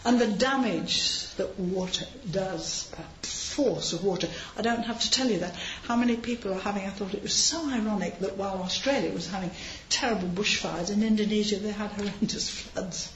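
A woman's voice: medium pitch, moderate pace, hardly any pauses, a little hiss or hum. Chatty woman preaching in a roomy hall. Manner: chatty, anecdotal, with frequent asides and light laughs. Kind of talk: informal sermon. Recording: roomy, slightly dull hall recording.

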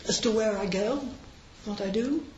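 A woman's voice: mid-range voice, normal speed, a little mellow, a little hiss or hum. Chatty woman preaching in a roomy hall. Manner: chatty, anecdotal, with frequent asides and light laughs. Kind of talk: informal sermon. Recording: roomy, slightly dull hall recording.

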